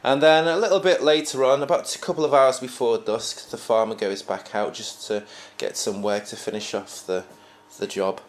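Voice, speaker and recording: A man's voice: mid-range voice, steady tone, normal speed, few pauses. A man talking in a casual, reflective monologue, rambling with frequent restarts as a podcast host. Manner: rambling, many restarts and fillers, musing.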